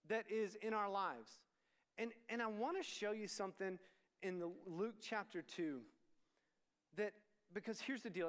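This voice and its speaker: A man's voice: sits high, fairly bright tone. A middle-aged man from Texas, a student ministry pastor, giving a candid youth sermon with many restarts and asides to the crowd. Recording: long hall reverb.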